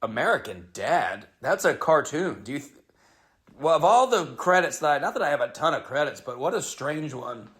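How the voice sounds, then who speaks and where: A man's voice: on the high side, sing-song, normal speed, a bit bright. A man hosting his own podcast, telling a comedic story in a rambling, wry, self-interrupting way.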